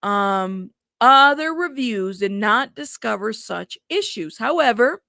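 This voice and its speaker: A woman's voice: on the high side, expressive, takes it slowly, gravelly, sharp tone, no echo, clean studio sound. A woman hosting a casual news commentary show, reading headlines aloud and reacting to them in a chatty way.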